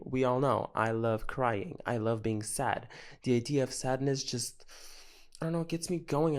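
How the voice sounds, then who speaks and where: A man's voice: medium pitch, a little mellow. A young man hosting his own podcast, talking off the cuff in a dramatic, self-mocking rant full of swearing. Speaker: podcast host. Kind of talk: casual solo podcast rant.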